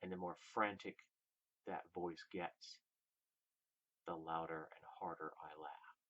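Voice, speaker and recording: Deep husky man telling a story. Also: steady tone, slow pace, lo-fi sound. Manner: dramatic, swings from loud emphasis to hushed whispers. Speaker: vlogger. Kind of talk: personal storytelling.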